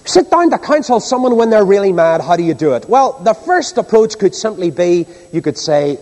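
A man's voice: high-pitched, big pitch swings, normal speed, few pauses, darkish tone. A man preaching a sermon, asking the congregation rhetorical questions. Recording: long hall reverb.

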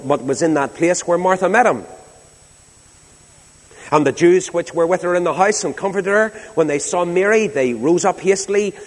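Preacher in a reverberant church hall. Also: male voice, high-pitched. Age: over 60. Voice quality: King James scripture reading, slow hushed emphasis. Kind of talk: sermon.

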